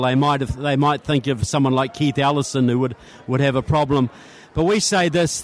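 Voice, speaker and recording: A man from New Zealand with a New Zealand accent, a guest on a radio interview at a convention, earnest and often restarting his words. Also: medium pitch. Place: radio row at a political convention.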